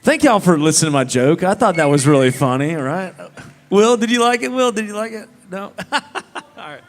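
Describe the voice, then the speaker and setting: High-voiced singer rambling onstage. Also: male voice, expressive, brisk. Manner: rambling, self-deprecating joke telling. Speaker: singer-songwriter. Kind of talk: live stage banter between songs. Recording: live hall reverb with guitar.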